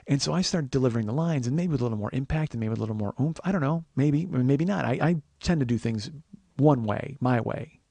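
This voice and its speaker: Gravelly-voiced comic in his forties, podcast host spinning a profane, rambling yarn; dry, close sound. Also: medium pitch, quick pace, dry recording. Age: 40s. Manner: profane, rambling, animated storyteller. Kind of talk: comedic storytelling monologue.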